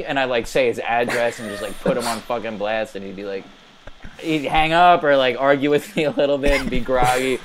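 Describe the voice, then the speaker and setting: Fast, profane man telling a story. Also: medium pitch, crowd noise. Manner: profane, animated, quick delivery. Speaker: podcast co-host and storyteller. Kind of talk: casual storytelling.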